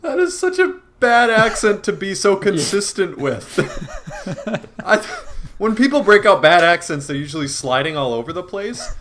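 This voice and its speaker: A man's voice: high voice, very animated, moderate pace, fairly bright tone, slight background noise. A man co-hosting a podcast in casual chat, laughing often and teasing his friends, with some swearing. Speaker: podcast co-host.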